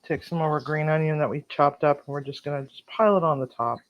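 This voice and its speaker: Blunt, animated home cook. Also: mid-range voice, fast, muffled recording. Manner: animated, blunt, swears freely. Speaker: home cook and channel host. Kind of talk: cooking vlog with storytelling. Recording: noisy home recording.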